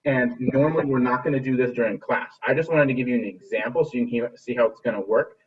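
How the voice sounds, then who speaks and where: A husky man teaches a music class over a video call and cheers the pupils on, often restarting his sentences. He sits back from the laptop mic, and the dull, lo-fi call audio makes him sound distant. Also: medium pitch, fast. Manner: encouraging, repeats and restarts phrases.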